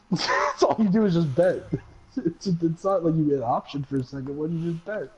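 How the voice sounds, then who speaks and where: A man's voice: a little high, animated, normal speed. Foul-mouthed young man trash-talking on stream. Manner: profane, mock-angry ribbing of friends. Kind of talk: casual gaming stream banter. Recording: dull lo-fi audio with crowd noise.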